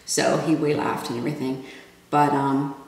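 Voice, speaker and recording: A woman's voice: very deep voice, normal speed, vocal fry. A middle-aged woman telling a personal family story in a casual, conversational way. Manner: conversational, relaxed, plain-spoken. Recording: very echoey room, mic far off.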